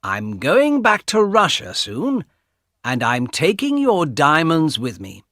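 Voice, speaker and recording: A man reading an audiobook, voicing a greedy young man who taunts his sister in a slow, mocking way. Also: a little high, wildly swooping pitch, sharp tone, no room sound, studio quality, pitched above the performer's own voice, full character voice. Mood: taunting.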